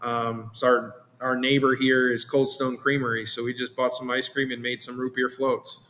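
Guy chatting about his meadery, keeps restarting his sentences, middle-pitched, easygoing. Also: little pitch movement, moderate pace, a bit bright. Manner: rambling, repeats words and restarts often. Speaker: meadery owner. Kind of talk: casual interview chat.

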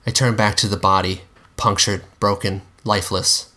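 Male reader, low and bright, measured dramatic storytelling. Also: flat delivery. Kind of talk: dramatic first-person story reading.

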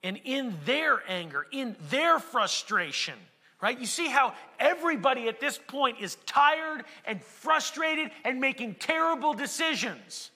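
High-voiced preacher in a reverberant hall. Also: male voice, lively intonation, measured pace, slightly rough. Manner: preaching with dramatic swings between hushed and shouted passages. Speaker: pastor. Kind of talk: sermon.

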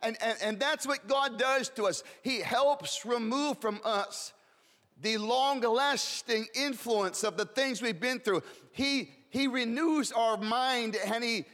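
A man's voice: very high voice, slow pace, fairly bright tone, big-room sound. A man preaching a sermon with passion, repeating words and building in rising waves.

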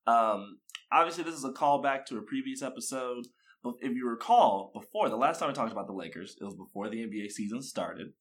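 A man's voice: mid-range voice, lively intonation, a little fast, a bit bright. A young man co-hosting a podcast, chatting casually, laughing often and restarting his sentences. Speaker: podcast co-host.

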